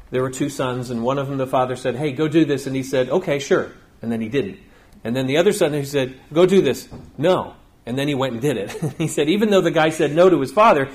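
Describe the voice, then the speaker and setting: Conversational male preacher telling stories. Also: fairly high pitch. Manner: conversational storytelling, acts out quotes. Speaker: pastor. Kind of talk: sermon.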